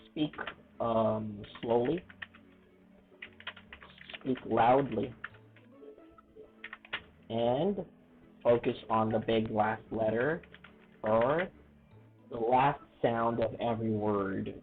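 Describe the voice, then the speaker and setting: A man teaching an English lesson in a casual, earnest way, often checking in with "okay?" and "right?" and stressing words slowly. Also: mid-range voice, steady tone, faint music behind. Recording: tinny phone-like audio.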